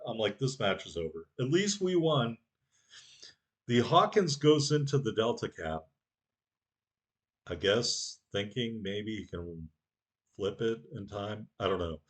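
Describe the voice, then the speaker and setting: A man commentating over his own naval video game footage from home, excitable, joking and playing up mock anger at his teammates. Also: mid-range voice. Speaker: gameplay commentator.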